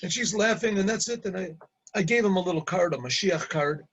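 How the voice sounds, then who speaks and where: A middle-aged man, a rabbi, casually telling an anecdote, halting and repeating words and laughing at his own story. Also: sits high, a bit bright, slightly rough, dull audio.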